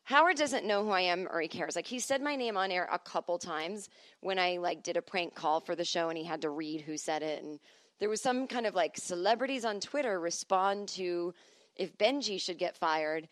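A woman's voice: on the low side, moderate pace, fairly bright tone, no echo. A woman hosting a podcast alone, telling wry, rambling stories in a chatty way, full of asides and quoted voices. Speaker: podcast host. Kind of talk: casual solo podcast monologue. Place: at home.

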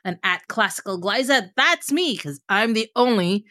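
A woman's voice: medium pitch, animated, moderate pace, bright, forceful tone, dry recording, clean studio sound. A woman, a podcast player, introducing herself in a laid-back, amused way. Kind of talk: casual chat.

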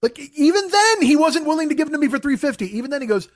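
High-voiced man ranting in a comic story. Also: sing-song, rapid-fire, no room sound, studio quality. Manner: profane, exasperated, self-mocking. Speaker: podcast co-host. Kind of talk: comedic storytelling rant.

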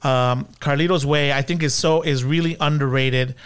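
A man's voice: medium pitch, steady tone, smooth. A man on a film talk show, telling personal stories with enthusiasm. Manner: enthusiastic storyteller, quick restarts. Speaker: guest film commentator. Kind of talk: casual chat about films.

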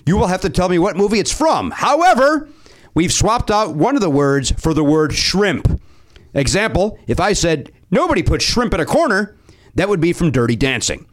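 Lively, joking game-show host, man. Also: high voice. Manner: quick, self-mocking, lively quips. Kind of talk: comic game-show hosting.

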